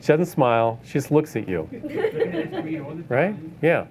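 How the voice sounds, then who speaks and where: A man's voice: medium pitch, big pitch swings, measured pace, crowd noise. Chatty man lecturing, "right?". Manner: conversational, tag questions like "right?", laughs often. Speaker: art dealer giving a talk. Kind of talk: lecture to photographers. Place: event space.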